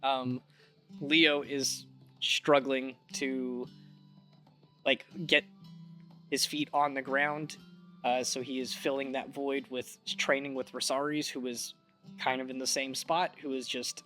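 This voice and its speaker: Relaxed man running a tabletop game. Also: mid-range voice, slow pace, soft background music. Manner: relaxed, rambling with fillers. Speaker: game master.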